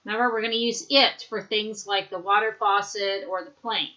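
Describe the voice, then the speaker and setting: A woman teaching an English lesson, modeling words slowly and clearly for students to repeat. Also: mid-range voice, fairly even intonation, pushed and bright. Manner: slow, clear drilling with modeled pronunciation. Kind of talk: recorded online language lesson. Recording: dull lo-fi recording.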